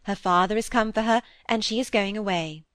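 A woman's voice: medium pitch, brisk, fairly bright tone, no echo, lightly acted. A woman voicing a sweetly genteel, impatient lady. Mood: genteel coaxing. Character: genteel, pleasant governess-like lady, impatient underneath. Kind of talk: audiobook character reading.

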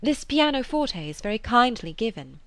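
A woman's voice: on the high side, big pitch swings, normal speed, dry recording, pitched above the performer's own voice. Woman reading as a genteel young lady. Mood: polite. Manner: genteel, careful phrasing. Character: young lady, polite and probing.

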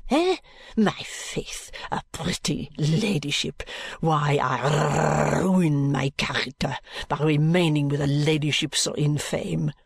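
A man's voice: a little high, slow pace, gravelly, breathy edge, no echo, full character voice. A man putting on a furious maid. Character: fiery young French lady's maid, furious and scornful.

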